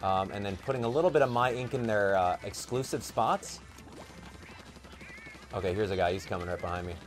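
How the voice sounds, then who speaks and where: A young man giving casual gameplay commentary, chatty and excitable, thinking aloud with plenty of fillers. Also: lowish voice, fairly quick, slight background noise. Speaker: gaming YouTuber.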